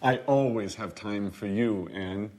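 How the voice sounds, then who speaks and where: A man's voice: lowish voice, a little slow, a little mellow, close to an everyday voice. An actor playing a cheerful male coworker who gives teasing advice in a scripted course-book dialogue. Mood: friendly. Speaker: dialogue character in a language course.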